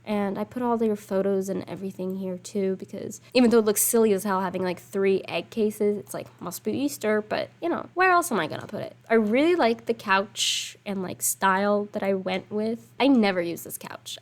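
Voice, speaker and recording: A woman's voice: medium pitch, moderate pace, few pauses, darkish tone. A young woman casually commenting on her life-sim game, chatty and rambling, swearing offhand and apologizing between asides, into a desk microphone at home. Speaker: gaming channel host. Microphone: desk USB microphone.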